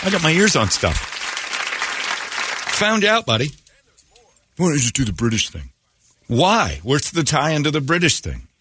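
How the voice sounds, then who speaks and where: A man hosting a radio show, ranting and teasing in animated, casual talk from a studio. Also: fairly high pitch, moderate pace, pauses often, some chatter behind, a little hiss or hum. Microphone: studio microphone.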